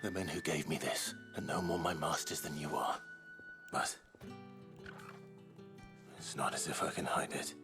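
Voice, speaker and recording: A gravelly, guarded swordsman. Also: very deep voice, fairly even intonation, unhurried, pauses often, over music. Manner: curt, terse, guarded replies. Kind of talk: video game voice acting.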